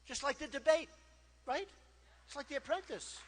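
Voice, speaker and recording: A man campaigning for office addresses a large rally hall in a boastful, conversational, repetitive way, sprinkled with asides. His extremely high voice is expressive and a bit bright at a moderate pace, and the PA leaves a long hall reverb.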